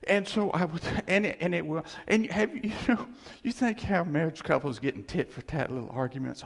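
A middle-aged man giving a personal testimony to a congregation, telling the story with lively animation and frequent chuckles. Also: a little high, a little fast, vocal fry. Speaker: church speaker sharing testimony. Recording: long reverb of a large hall.

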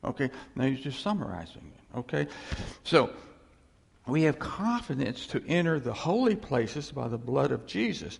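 A man's voice: mid-range voice, sing-song, normal speed, creaky, slightly rough, in a large hall. A man preaching a sermon on scripture, emphatic and repetitive, asking the congregation for responses. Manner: emphatic, repeats phrases, calls for audience response.

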